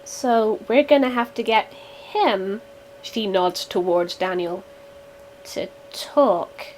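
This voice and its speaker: A woman's voice: mid-range voice, expressive, takes it slowly, darkish tone, slight background noise, poor audio. A woman playing a tabletop game, thinking aloud in a tentative way. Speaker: player. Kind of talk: casual tabletop play.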